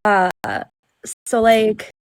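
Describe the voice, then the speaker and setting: A woman's voice: a little high, little pitch movement, drawn-out words, a little hiss or hum. A woman co-hosting a live stream, chatting casually in a rambling way with lots of filler words. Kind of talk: casual chat.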